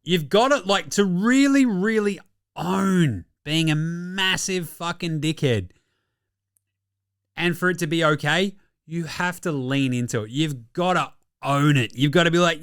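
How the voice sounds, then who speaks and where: A man's voice: sits high, expressive, slow pace, a bit bright, smooth, dry recording, clean studio sound. A man with an Australian accent hosting casual sports commentary, jokey and profane in his rants. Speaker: host.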